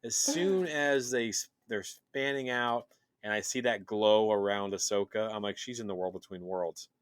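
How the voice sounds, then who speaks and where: A man co-hosting a show, chatting in an excited, rambling way with plenty of fillers. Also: fairly low pitch, moderate pace, smooth, no echo. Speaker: podcast co-host. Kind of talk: casual chat.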